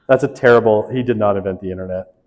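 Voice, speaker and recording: A man's voice: on the low side, fast, darkish tone. Joking male instructor in echoey hall. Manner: joking, chatty, reads questions aloud. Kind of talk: lecture quiz review.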